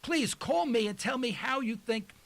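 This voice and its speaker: High-voiced impassioned older man radio host. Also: lively intonation, normal speed, vocal fry, fairly bright tone. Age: 60s. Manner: emphatic, rambling, impassioned. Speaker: radio talk show host. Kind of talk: talk radio monologue. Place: radio studio.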